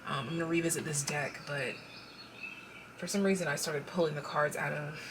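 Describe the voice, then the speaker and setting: A woman giving a casual pick-a-card tarot reading. She speaks straight to the viewer, gets excited, and interrupts herself as she pulls cards. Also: low voice, brisk, background noise.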